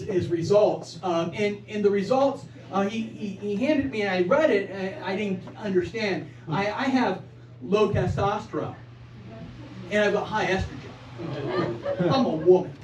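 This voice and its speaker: Here the comic's voice is high and a little mellow, his pace measured as he stammers and repeats words in self-mockery on a small improv club stage. Laughter from the crowd carries through a roomy, far-off live recording.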